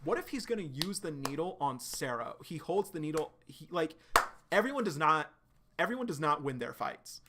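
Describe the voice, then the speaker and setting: A man streaming a live reaction to a webcomic, excitedly recapping and speculating, swearing freely. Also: fairly high pitch, moderate pace, very noisy.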